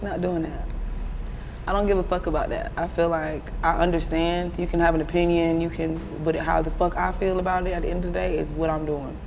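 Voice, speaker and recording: A woman's voice: fairly low pitch, fairly quick, vocal fry, background noise. A woman in her twenties with an Atlanta accent, telling stories bluntly and profanely as an interview guest. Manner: blunt, profane, animated storyteller. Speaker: rapper guest. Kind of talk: casual interview storytelling.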